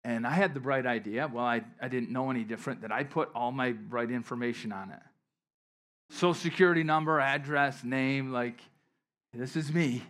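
Conversational preacher with emphatic bursts. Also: male voice, mid-range voice, normal speed. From western New York. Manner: conversational storytelling preacher, swings from soft asides to emphatic bursts. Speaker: pastor. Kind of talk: sermon.

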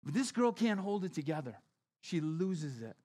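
Conversational male preacher, slightly high voice. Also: very animated, moderate pace. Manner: conversational storytelling, often dropping to a soft, hushed tone. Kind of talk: sermon.

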